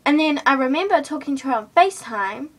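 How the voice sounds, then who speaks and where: A woman's voice: sits high, expressive, fast talker, a bit bright. A teenage girl telling a storytime rant to camera in an indignant, chatty way, full of fillers. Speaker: vlogger.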